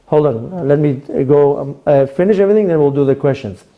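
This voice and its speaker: A middle-aged man with an Israeli accent giving a sermon as a rabbi, lively and often acting out the voices of people he quotes. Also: a little high, a little fast, phone-quality sound. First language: Hebrew. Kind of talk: Torah class sermon.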